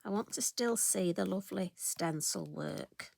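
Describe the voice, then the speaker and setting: A woman's voice: fairly low pitch, unhurried, creaky, darkish tone, slight background noise. A middle-aged woman with a chatty, self-deprecating manner, hosting a card-stamping tutorial and talking to viewers as she works. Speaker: craft tutorial host.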